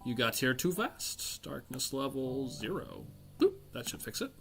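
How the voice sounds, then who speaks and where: A man running a tabletop game as game master, talking in a casual, relaxed way. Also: medium pitch, a little slow, soft background music. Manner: casual, relaxed, chatty with fillers.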